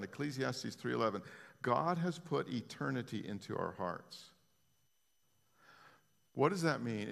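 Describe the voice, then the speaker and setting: A man preaching an impassioned sermon as pastor, dropping to a hush and then rising again, often restarting his phrases. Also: mid-range voice, gravelly, long reverb tail. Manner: impassioned, swinging between hushed and raised, frequent restarts.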